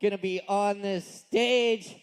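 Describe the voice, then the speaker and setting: A man's voice: high voice, fairly even intonation, takes it slowly, clear, resonant tone. A man hosts a live open mic at a bar. He talks in a casual, easygoing way, greeting the crowd and introducing acts with a few hesitant fillers. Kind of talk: casual stage hosting.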